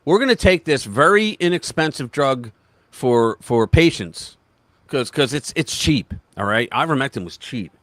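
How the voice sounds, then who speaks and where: A man hosting a political livestream, talking in a casual, emphatic way that keeps restarting itself. His pitch swings widely as he gets worked up, and his voice sounds dry and close, with very little room sound. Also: unhurried, no room sound. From United States. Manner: animated, emphatic, talks over himself with restarts and quoted voices.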